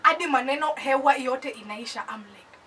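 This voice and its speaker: A young woman from Kenya with a Kenyan accent, telling a personal story in an animated, casual storytime voice that mixes English with Swahili slang. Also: high-pitched, fairly quick, recorded from a distance, slight background noise, poor audio.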